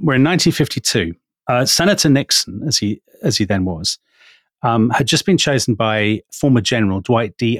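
A man co-hosting a history podcast, reading out old inscriptions and telling the story in a chatty, deliberate way. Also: medium pitch, dry recording, studio quality. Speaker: podcast co-host. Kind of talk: casual history podcast chat.

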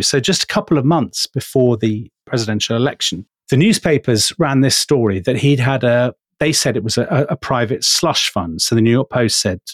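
A man co-hosting a history podcast, telling the story at an easy, deliberate pace. His voice sits at a middle pitch. The recording is dry and close. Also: dry recording. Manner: chatty storytelling, measured and deliberate. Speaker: podcast co-host. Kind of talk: casual history podcast chat.

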